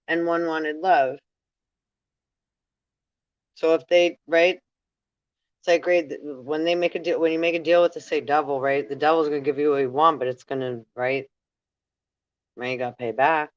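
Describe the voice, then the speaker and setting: Guy doing a rambly spiritual talk, kinda high voice, keeps saying right, dull dry audio. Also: steady tone, a little slow, pauses often, fairly bright tone, no echo. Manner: meandering, full of "right?" and restarts; laughs while relaying spirit messages. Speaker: spiritual channel host.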